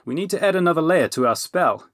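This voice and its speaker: A man voicing a brisk, resourceful male wizard who gives urgent commands. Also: fairly high pitch, animated, a bit bright, dry recording, studio quality, pitched above the performer's own voice.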